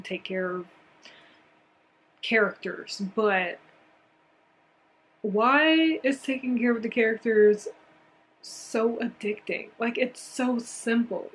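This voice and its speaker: A woman's voice: medium pitch, slight background noise. Chatty woman vlogger with a slight lisp. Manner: chatty and rambling, full of "like". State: slight lisp from a swollen palate. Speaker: knitting vlogger. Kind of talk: casual vlog chat. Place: at home at a desk with a laptop.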